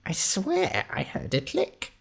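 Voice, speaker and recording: Casting: man voicing a blustery big-nosed critter, raised pitch, wildly swooping, raspy and gravelly. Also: slow, exaggerated voice. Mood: curious. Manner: blustery, excitable, indignant. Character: big-nosed male creature, short-tempered and blustery.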